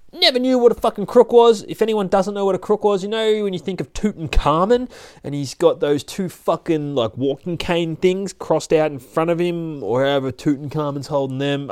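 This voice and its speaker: Some guy reading a comic out loud and swearing a lot, rambly, dry room. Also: medium pitch, clean tone, no room sound. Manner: profane, rambling asides. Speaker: comic book reader. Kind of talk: casual comic read-along.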